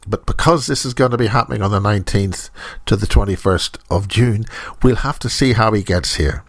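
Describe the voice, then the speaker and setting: A man's voice: fairly low pitch, brisk, dry recording. A middle-aged man hosting a radio show in a studio, rambling and joking as he drifts from topic to topic, close to the microphone. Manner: jokey, digressive, self-interrupting. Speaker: radio host.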